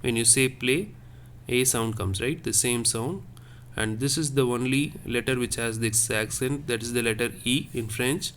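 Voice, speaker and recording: A man's voice: medium pitch, normal speed, a bit bright. Man, teacher, classroom lesson, patient, repeats each point, faint background noise. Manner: patient, repetitive, explains step by step. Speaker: French teacher. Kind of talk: classroom lesson explaining French accents.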